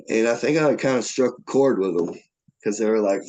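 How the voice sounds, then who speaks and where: A man's voice: lowish voice, a little fast, darkish tone. A man, a guest telling a long story in a casual way and acting out the voices of the people in it. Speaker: interview guest.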